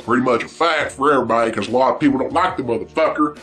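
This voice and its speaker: A man's voice: medium pitch, racing, a bit bright, soft background music. A man hosting a vlog, delivering a blunt, profane, repetitive rant straight to his viewers. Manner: blunt, heavy swearing, repetitive. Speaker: vlog host ranting about wrestling. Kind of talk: profane angry rant to camera.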